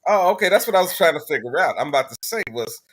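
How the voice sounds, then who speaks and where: A man's voice: fairly high pitch, expressive, rapid-fire, fairly bright tone, breathy edge. A man hosting a casual call-in talk show, talking bluntly and profanely in a laid-back way.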